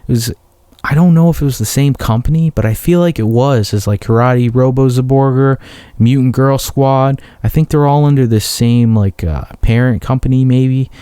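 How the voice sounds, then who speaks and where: A man's voice: medium pitch, normal speed, dark tone, clean tone, no echo. A man hosting a podcast, telling a rambling, profane story in a casual solo monologue. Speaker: podcast host.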